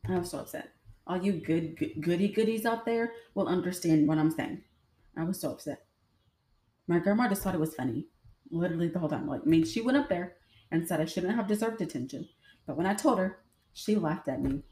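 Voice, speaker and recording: A chatty woman hosts a casual storytelling show and speaks straight to her listeners. Her voice is lowish and mellow. The recording has a roomy echo. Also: lively intonation, fairly quick, slight background noise. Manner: chatty, addresses listeners directly. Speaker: podcast host.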